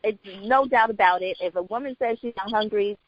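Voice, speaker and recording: A woman's voice: mid-range voice, a little fast, muffled recording. A woman guest co-hosting a podcast, confidently explaining her view in casual chat.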